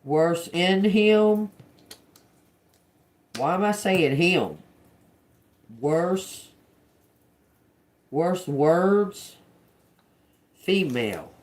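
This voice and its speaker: A woman doing a live-stream tarot reading, musing slowly and repeating words as she reads them out, casual and given to swearing and laughing with viewers. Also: fairly low pitch, lively intonation, a little mellow. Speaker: tarot reader.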